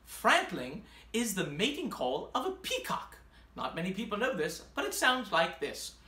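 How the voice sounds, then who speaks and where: A man's voice: high voice, huge pitch swings, normal speed, bright, forceful tone, full character voice. A man playing a prim, haughty grande dame who hosts a theatre show, with an affected, pompous manner. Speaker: read-aloud host. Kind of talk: comic theatrical host persona. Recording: roomy echo.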